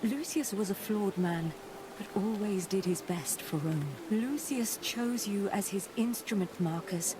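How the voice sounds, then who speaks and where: A woman's voice: medium pitch, a little slow, a crowd in the background, natural voice. A woman voicing a solemn Roman noblewoman. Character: grieving Roman noblewoman, composed and earnest. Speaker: game character. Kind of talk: game cutscene dialogue.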